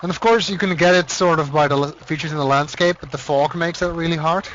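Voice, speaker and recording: A man's voice: on the high side, steady tone, fast talker, a bit bright. A man with a Dutch accent chatting casually while playing a game on stream, rambling and easily distracted. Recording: dull lo-fi sound with faint hiss.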